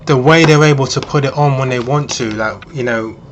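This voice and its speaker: A man with a mid-range voice talks in a loose, rambling monologue and addresses the listener directly. He fills his pauses with frequent ums. The recording is slightly dull and lo-fi. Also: mid-range voice, slight background noise. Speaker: vlogger. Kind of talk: casual monologue.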